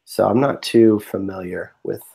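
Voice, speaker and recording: A male podcast host in casual chat who rambles along with plenty of fillers. He sounds relaxed and talkative. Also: on the low side, moderate pace, creaky. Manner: chatty, rambling, many fillers.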